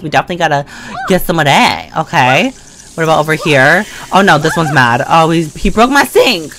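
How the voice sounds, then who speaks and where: A woman giving casual, slangy commentary while playing a life-simulation game, chatting to the characters on screen and breaking into excited or mock-scared outbursts. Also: low voice, brisk, a little hiss or hum. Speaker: gaming video creator. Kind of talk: casual let's-play commentary. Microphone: desk condenser mic.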